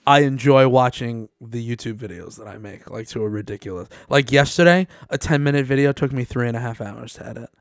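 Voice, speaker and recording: A man's voice: mid-range voice, brisk, few pauses, no echo, clean studio sound. Young man joking in casual podcast chat. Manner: joking, teasing, swears freely. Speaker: podcast co-host.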